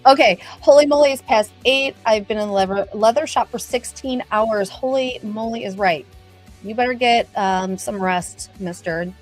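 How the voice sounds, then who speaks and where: A woman's voice: on the high side, moderate pace, faint music behind. A middle-aged woman hosting a casual livestream, chatty and bubbly, greeting viewers by name. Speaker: livestream host.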